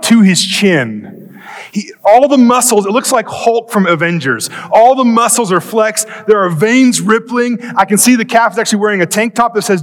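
A man with a high voice tells a comic story from the pulpit, racing ahead and then stretching words out slowly. His voice rings with the long reverb of a church hall. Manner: animated, comic storytelling with quick bursts and drawn-out pauses. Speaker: pastor. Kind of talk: storytelling sermon.

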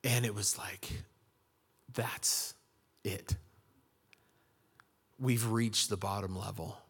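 A man's voice: lowish voice, fairly bright tone, slightly rough. A man preaching a sermon in a conversational, storytelling way, acting out quotes in his stories. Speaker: pastor.

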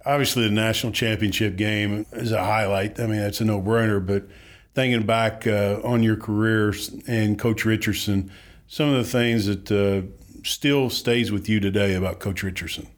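Brief: male interviewer, low-ish voice, plain, a little halting. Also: steady tone. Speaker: podcast host, interviewer. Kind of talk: interview questions.

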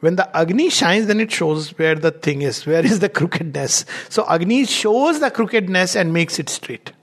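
A man teaches from spiritual texts in a relaxed, unscripted lecture. His fairly high voice carries a gravelly edge, and he explains in measured phrases, often pausing on a filler before going on.

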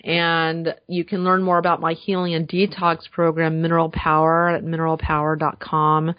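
A woman's voice: sits low, monotone, moderate pace, no echo. A woman speaking as a guest in a casual podcast interview, earnest and enthusiastic, with frequent fillers. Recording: dull slightly lo-fi dry sound.

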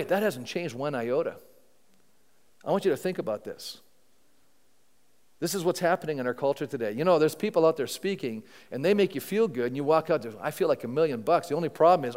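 A man with a high voice preaching from the pulpit, conversational and full of questions to the congregation. His words trail off into the long reverb of a big church hall. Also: expressive, fairly quick. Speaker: pastor. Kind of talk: sermon. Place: church sanctuary before a congregation.

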